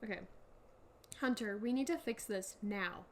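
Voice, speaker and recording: A young woman co-hosting a casual podcast, reading a story aloud in halting bursts and laughing often. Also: mid-range voice, a little hiss or hum. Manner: giggly, reads in halting bursts with frequent laughs. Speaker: podcast co-host.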